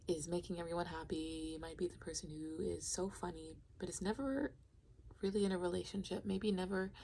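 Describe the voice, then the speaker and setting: A woman giving a casual pick-a-card tarot reading, rambling and halting, sometimes dropping into a soft whisper. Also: fairly low pitch, creaky, slight background noise, low-quality recording. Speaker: tarot reader.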